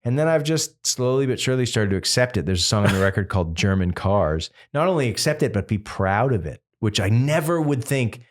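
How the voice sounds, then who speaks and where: Rambling and animated, a man in his fifties from Massachusetts, a singer-songwriter, tells stories full of fillers during a casual interview. He talks a little fast with few pauses, in a voice on the low side.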